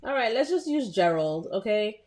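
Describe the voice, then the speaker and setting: A young adult woman hosting a live tutorial in a casual, chatty way, talking to viewers and filling pauses with um. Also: mid-range voice, very animated, a little mellow. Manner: chatty, talks to live viewers, frequent "um" and restarts.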